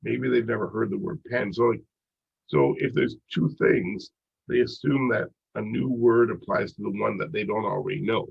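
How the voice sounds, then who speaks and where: A man with a stuffy, congested voice lectures on psychology in a loose, conversational way, circling back on himself with fillers. His voice is husky and rough. The recording sounds dull and muffled. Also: on the low side, steady tone, moderate pace. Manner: casual, rambling with many "like" and "you know" fillers. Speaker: psychology instructor.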